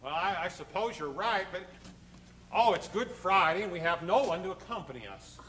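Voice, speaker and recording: Stage musical: male actor as a tender, hesitant president, a lively high tenor, a roomy sound with orchestra behind. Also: moderate pace, a little hiss or hum. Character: gentle affectionate middle-aged president, husband. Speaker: actor playing President Lincoln. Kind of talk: stage musical acting with song.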